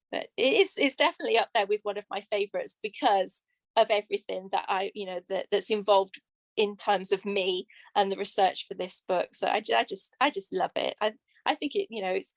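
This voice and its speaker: A woman's voice: medium pitch, creaky, no room sound. A woman author with an English accent, chatting casually on a podcast and laughing often. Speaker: author guest.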